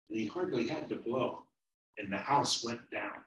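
A man telling a children's story in a sermon, slow and animated. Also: mid-range voice. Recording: roomy, from far off.

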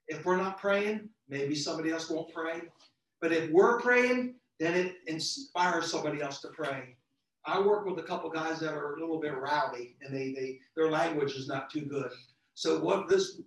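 A fervent male preacher with a rather high voice, rising into excited outbursts as he delivers a sermon. He is heard from a distance in a very echoey church, the sound washing around the room. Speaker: visiting lay preacher.

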